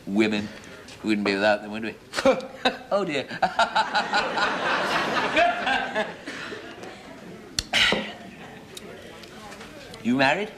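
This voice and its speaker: A man's voice: medium pitch, big pitch swings, takes it slowly, background noise. An actor playing a fussy, chatty pub landlord in a 1970s sitcom, chattering and laughing at his own jokes. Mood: confiding. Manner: chattering, giggling, self-amused. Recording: studio audience laughter.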